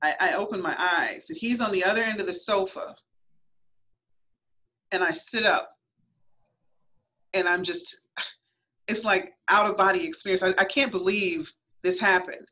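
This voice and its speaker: Speaking at a moderate pace with long pauses, a woman guest author shares her personal story on a radio talk show. Her mid-range voice has a sharp tone; she's earnest and emphatic, reenacting her past thoughts, in lo-fi radio audio.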